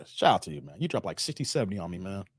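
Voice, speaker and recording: A man hosting a casual live stream, laughing often and shouting out his viewers by name. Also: low voice, very animated, racing, breathy edge, dry recording, studio quality.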